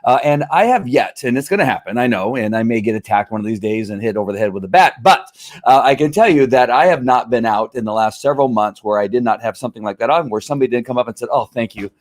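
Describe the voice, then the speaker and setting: A middle-aged man hosting his own show, talking in a rambling, halting way with many fillers and an earnest, emphatic tone. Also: mid-range voice. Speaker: show host. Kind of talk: casual live-stream monologue.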